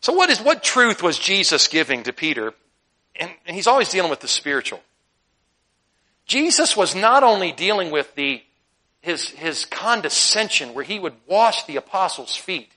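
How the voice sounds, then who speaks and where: A man's voice: fairly high pitch, normal speed. A man preaching a sermon, reading scripture and joking with laughing asides. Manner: humorous, animated, laughing asides. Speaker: pastor.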